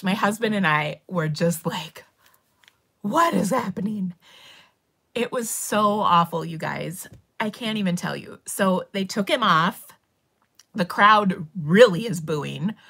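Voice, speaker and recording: A woman's voice: fairly low pitch, creaky. A middle-aged woman hosting a casual livestream, emotionally retelling a story and tearing up as she talks. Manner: emotional, tearful retelling with rising excitement. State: crying. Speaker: craft channel host.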